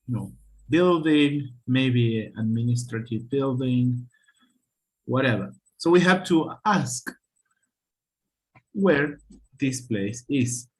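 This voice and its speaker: A man leads an online English lesson, talking slowly and patiently. He often pauses to check in with his students with a questioning "hmm?". His pitch sits in the middle of the usual male range. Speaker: English teacher. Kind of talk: online class teaching.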